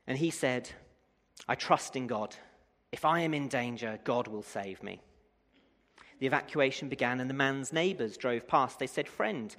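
Rousing preacher in an echoey hall. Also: male voice, mid-range voice. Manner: builds to loud rousing declarations, then drops to a calm conversational teaching tone. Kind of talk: sermon.

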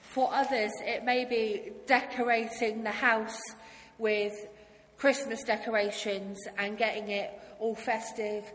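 A woman giving an enthusiastic, friendly children's talk during a church service. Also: mid-range voice. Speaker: church youth speaker. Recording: hall reverb with faint noise.

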